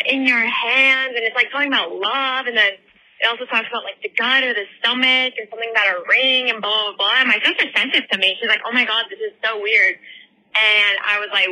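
Over a rough recording from a headphone mic, a woman hosting a podcast tells a story in a fairly high, pushed, bright voice. Her casual chat is rambling, packed with fillers and constant swearing.

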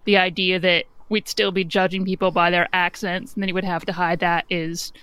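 A woman's voice: on the low side, little pitch movement, brisk, a bit bright, smooth, no room sound. A woman from Indiana with a Midwestern American accent, giving thoughtful opinions in casual podcast chat.

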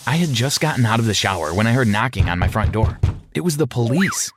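A man narrating a first-person story in a steady, measured way. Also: medium pitch, background noise. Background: background music.

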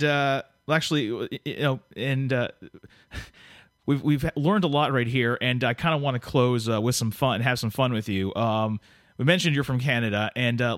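A man's voice: mid-range voice, a bit bright, no room sound, clean studio sound. A man hosting a podcast, chatting casually and jokily with a guest, full of fillers and restarts. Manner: rambling, jokey, many restarts and fillers. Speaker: podcast host. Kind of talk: casual interview chat.

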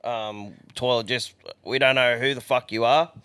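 A man's voice: medium pitch, fairly even intonation, normal speed, bright, forceful tone, clear, resonant tone, dry recording. A man with an Australian accent co-hosting a podcast, trading crude jokes in casual chat. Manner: crude joking banter. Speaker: podcast co-host.

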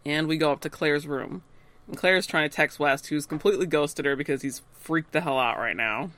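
A woman's voice: low-pitched, moderate pace, fairly bright tone. A woman co-hosting a casual recap podcast, retelling scenes and acting out the characters' lines with laughs. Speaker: podcast co-host.

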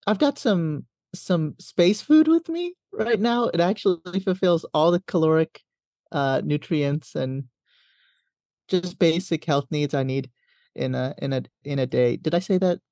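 A woman's voice: sits low, animated, measured pace, dark tone, dry recording, clean studio sound. Woman doing a jittery astronaut Barbie. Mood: flustered. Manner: stammering, jittery. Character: flustered female astronaut Barbie, nervous.

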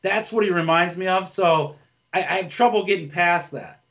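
A man's voice: high voice, moderate pace, fairly bright tone. A man who does stand-up, chatting on a podcast in a blunt, rambling way with lots of swearing and restarts. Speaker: podcast co-host, stand-up comic. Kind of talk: casual podcast chat.

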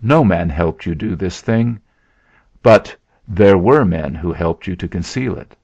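A man voicing a calm, stern investigator in a storybook reading, speaking in a measured, level way. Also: deep voice, creaky, no room sound, full character voice. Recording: dull lo-fi recording.

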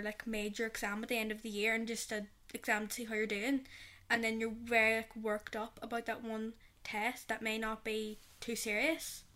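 A girl of thirteen co-hosting a youth podcast. Her voice is bright and a little high, and she talks earnestly in long, run-on sentences. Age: 13, teenager. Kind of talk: casual chat.

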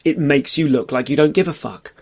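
Rambling, self-mocking man with a high voice. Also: a little fast. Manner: rambling, self-deprecating, acts out quoted voices. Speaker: podcast guest, comedian. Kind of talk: casual podcast conversation.

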